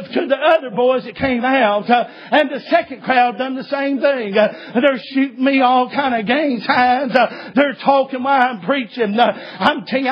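A man's voice: extremely high pitch, slightly rough. A male preacher, telling a story in a sermon in a folksy way and starting many lines with 'uh'. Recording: dull lo-fi recording.

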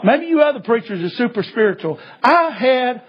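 A man preaching a sermon, telling a story in a folksy, repetitive way with many filler sounds and bursts of shouting. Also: very high voice, sing-song, moderate pace, highs cut off.

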